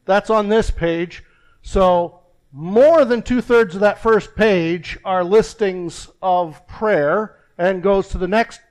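An older man preaching a folksy, rambling sermon with a joke, pausing and restarting often. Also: sits high. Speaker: pastor.

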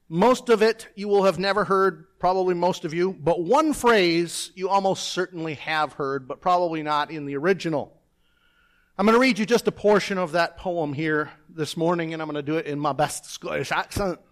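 A pastor with a slightly high voice, talking at normal speed, preaches seated at a church pulpit. He eases into the sermon with self-deprecating personal stories and chatty asides.

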